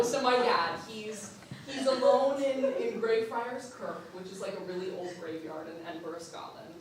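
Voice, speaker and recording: A young woman performs a spooky personal story as a theatrical monologue. Her delivery is playful and animated, with frequent laughter. The voice is distant from the mic and wrapped in heavy hall echo over faint ambience. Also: mid-range voice, a little hiss or hum. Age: young adult. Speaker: student performer. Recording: echoey hall from far off.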